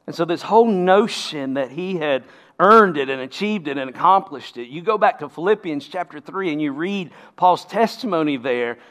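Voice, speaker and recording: A man's voice: on the high side, animated, moderate pace, a bit bright. A man preaching a sermon as a pastor, emphatic and often asking the congregation rhetorical questions.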